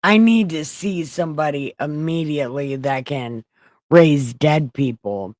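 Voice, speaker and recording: A woman's voice: deep voice, a little slow, darkish tone, no echo, clean studio sound. A woman voicing a desperate male king in a comic scripture retelling. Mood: pleading. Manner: pleading.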